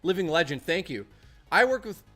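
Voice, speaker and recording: A man's voice: high-pitched, sing-song, normal speed, a bit bright, soft background music. A man streaming casually, rambling and chatting and reading out messages from his chat.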